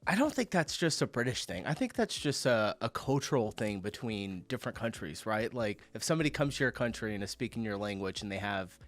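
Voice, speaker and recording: American guy doing a reaction vid, bouncy voice all over the place, laughs a lot, keeps saying i dunno. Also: fairly low pitch. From United States. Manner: animated, chatty, hedging, quick to laugh. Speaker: reaction video host. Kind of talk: casual reaction commentary.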